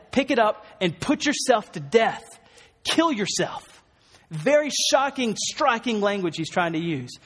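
A man's voice: high voice, big-room sound. A man preaching a sermon, earnest and emphatic, with some wry asides. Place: church hall.

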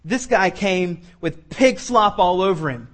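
A man's voice: sits high, animated, measured pace, fairly bright tone. A man preaching a sermon, telling a family story in an earnest way and building to emphatic appeals. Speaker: pastor.

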